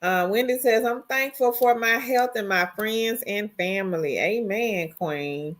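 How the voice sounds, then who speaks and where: Middle-aged woman, easygoing livestream host, slow and relaxed delivery. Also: medium pitch. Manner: greets viewers one by one, drawn-out and relaxed. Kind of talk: casual livestream chat, reading viewer comments.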